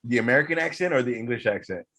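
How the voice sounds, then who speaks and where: An excitable man in casual podcast chat, his average-pitched voice jumping up when he gets worked up. He peppers almost every sentence with swearing. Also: very fast.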